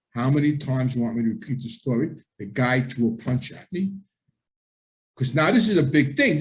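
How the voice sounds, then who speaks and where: A middle-aged man, telling a story as a podcast host, acting out the voices he quotes and swearing freely. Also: medium pitch.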